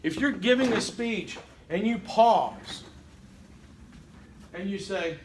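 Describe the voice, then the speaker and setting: This college instructor has a high voice with lively intonation, speaking at normal speed with long pauses. He lectures conversationally, frequently asking "okay?" and voicing what his students might be thinking.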